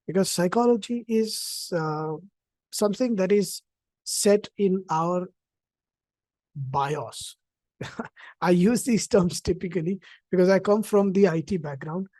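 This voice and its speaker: A man's voice: high voice, a little mellow, no echo. A man giving a hesitant, reflective personal talk over a video call, with many fillers and restarts. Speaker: invited speaker at an online event. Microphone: own computer mic on a video call.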